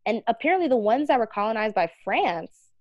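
A woman's voice: on the high side, very animated, brisk, dry recording. A woman in a casual podcast chat as a guest, talking earnestly and chattily with lots of fillers. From United States. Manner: chatty, earnest, heavy use of "like". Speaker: magazine CEO and editor, guest. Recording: dull, slightly muffled audio.

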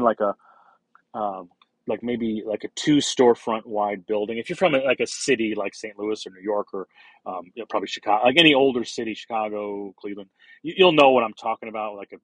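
A man's voice: on the low side, no echo, low-quality recording. A man hosting a solo podcast, talking casually in a rambling way with many fillers, restarts and casual swearing. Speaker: podcast host.

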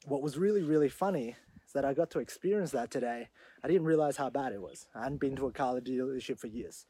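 A man hosting his own show, telling a story in an animated monologue that grows loud when he retells the confrontation. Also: mid-range voice, quick pace, breathy edge. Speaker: podcast host.

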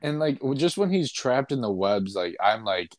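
A man in his twenties co-hosting a casual podcast, reacting in a jokey, excitable way. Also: mid-range voice, normal speed, no echo, studio quality. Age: 20s. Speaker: podcast co-host. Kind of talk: casual chat.

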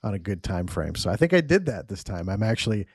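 Male podcast host, deep-ish, casual and profane, dry mic. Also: very animated, quick pace, husky, no room sound. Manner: loose and profane, laughs often.

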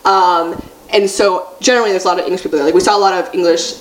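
A woman's voice: on the low side, fairly even intonation, fast. A young American woman co-hosting a podcast, chatting casually and rambling with lots of "like" and laughter. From United States. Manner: rambling, laughing, heavy use of "like". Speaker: podcast co-host. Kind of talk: casual chat. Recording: echoey room with faint noise.

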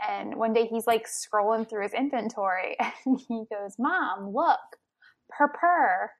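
A young woman co-hosting a podcast, telling animated stories with frequent laughs. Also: on the high side, unhurried, low-quality recording. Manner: animated storyteller, laughs often. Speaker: podcast co-host. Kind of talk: casual chat.

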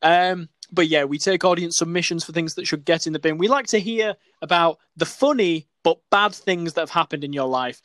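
A man's voice: on the high side, moderate pace, hardly any pauses, a bit bright, no room sound. A New man co-hosting a comedy podcast, playful and sweary, teasing his co-host. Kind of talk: casual comedy podcast banter.

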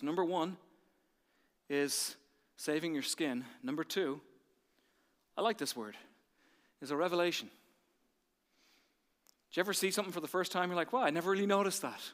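High, bright Irish pastor preaching. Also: male voice, big-room sound. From Ireland. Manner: animated storytelling, swinging from hushed to loud. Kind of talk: sermon.

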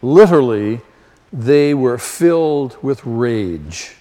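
Slow, emphatic preacher in an echoing hall. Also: male voice, medium pitch, sing-song. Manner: slow and emphatic, with sudden loud rises. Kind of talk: sermon. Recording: long hall reverb.

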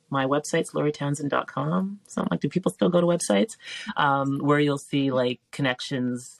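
A middle-aged woman, a teacher and filmmaker, talking as a podcast guest in an earnest, emotional way, pausing with frequent ums and restarts. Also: low-pitched, gravelly, dry recording. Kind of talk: reflective heartfelt conversation.

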